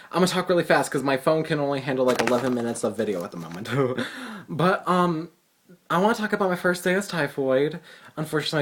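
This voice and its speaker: A teenage boy telling a story to his phone camera in a fast, profane, sassy ramble full of fillers. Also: mid-range voice. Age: teens. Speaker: vlogger. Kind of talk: casual storytelling vlog.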